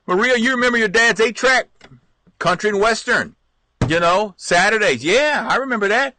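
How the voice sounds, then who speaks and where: This live stream host is a middle-aged man with a high voice, speaking at a moderate pace over slight background noise. He reminisces casually and ramblingly, staying lively, laughing often and restarting a lot.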